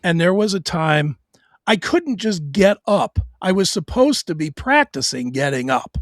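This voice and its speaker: A man's voice: high voice, big pitch swings, unhurried, dry recording, studio quality. Profane, stammering storytelling man. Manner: blunt, profane, with stammered restarts. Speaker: show host sharing his story. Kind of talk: candid personal storytelling.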